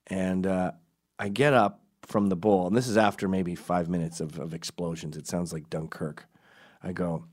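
Middle-aged male storyteller, deep-ish voice, dry crude humor with muttered asides. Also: unhurried. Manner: deadpan crude storytelling with sudden quiet asides. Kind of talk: comic anecdote.

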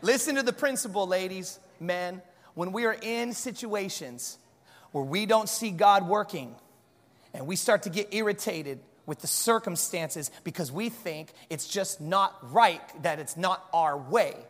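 A man preaching as a guest pastor, joking and animated. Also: high voice, a little slow, in a large hall. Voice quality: animated, joking, loud storytelling. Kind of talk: sermon.

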